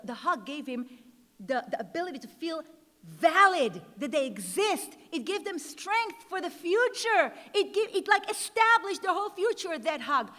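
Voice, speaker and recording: Woman giving a big inspirational talk, storytelling, bright ringy voice, long hall echo. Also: high voice. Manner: repeats key words for emphasis, storytelling. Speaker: speaker at an education gala. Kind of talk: inspirational speech. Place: large event hall.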